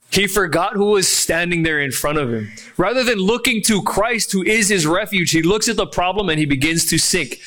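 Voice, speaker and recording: Bright-voiced preaching man. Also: high voice. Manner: animated preaching, acts out quoted voices. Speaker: pastor. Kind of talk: sermon.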